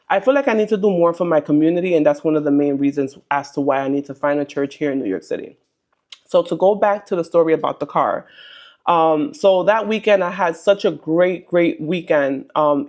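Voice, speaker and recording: A woman's voice: fairly low pitch, a little mellow. A young adult woman sharing a personal faith testimony in a casual, earnest, chatty way, with frequent ums and likes.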